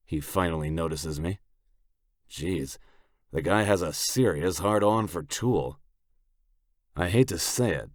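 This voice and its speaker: Male audiobook narrator, first person, very deep voice, slow, level, gruff, dry close mic. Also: dry recording.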